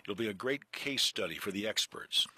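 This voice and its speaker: A man's voice: on the low side, lively intonation, moderate pace, bright, forceful tone, husky, no echo, exaggerated voice. A man reading aloud as a desperate, frightened young man, tense and earnest. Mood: bitter.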